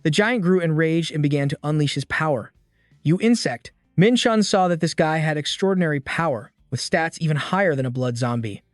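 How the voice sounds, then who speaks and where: A man reading a scripted story recap in a steady read-aloud way, barely changing his voice for the characters' lines. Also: on the high side, a little fast, few pauses, dry recording, studio quality, soft background music. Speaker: recap narrator.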